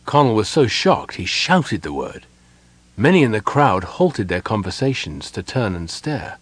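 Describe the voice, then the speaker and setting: A man reading fantasy fiction aloud as an audiobook narrator, measured and expressive. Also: fairly low pitch, slightly rough, no room sound.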